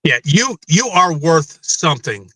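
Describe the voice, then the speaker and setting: A middle-aged man with a bright, forceful voice, pitched a bit high, tells his own hard story as an interview guest. He rambles, restarts his sentences and swears freely. The sound is dry and close. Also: very animated, a little slow, no room sound. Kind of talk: candid personal interview.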